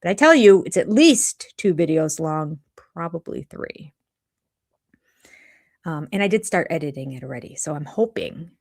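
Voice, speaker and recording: A woman's voice: deep voice, animated, normal speed. Rambling older woman chatting live. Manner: rambling, chatty, jumps between topics. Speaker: channel host. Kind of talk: live chat reviewing a reality show. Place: home room.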